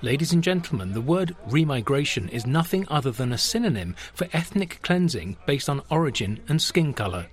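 A man's voice: mid-range voice, big pitch swings, brisk, hardly any pauses. A man voicing over a translated speech in an emphatic, insistent manner. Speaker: interpreter voice-over.

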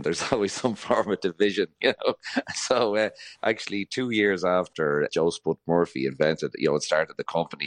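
Very deep-voiced Irish food historian man. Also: no room sound. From Ireland. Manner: chatty, laughing, with many fillers. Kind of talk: interview answers.

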